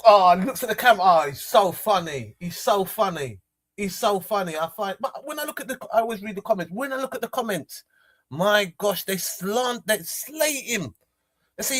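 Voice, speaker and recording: Guy with a high voice rambling on, emotional, outdoors near trees. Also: big pitch swings, normal speed, fairly bright tone. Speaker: streamer. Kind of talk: casual rambling monologue.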